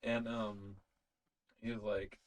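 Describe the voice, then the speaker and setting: A man's voice: on the low side, flat delivery, distant mic. Young guy on a podcast, kinda unsure, lots of i dont know, plain voice. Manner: hesitant, halting with many "I don't know". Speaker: podcast co-host. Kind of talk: casual storytelling chat.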